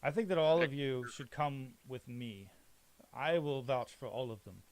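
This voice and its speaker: A man's voice: medium pitch, measured pace, no echo, lightly acted. Brief: man doing a pompous noble, commanding and indignant, raised voice. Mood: grave. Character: pompous male noble patron.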